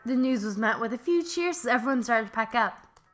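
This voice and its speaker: Bright, high-voiced young woman. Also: a little fast. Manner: animated, laughing, swearing, playful voice acting. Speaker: let's play host. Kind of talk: reading a visual novel aloud with joking asides.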